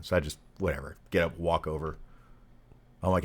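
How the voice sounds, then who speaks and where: A man's voice: rumbling low, fast, husky. A middle-aged man telling a casual, profane military anecdote as a podcast guest. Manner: profane, animated anecdote teller. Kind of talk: casual storytelling.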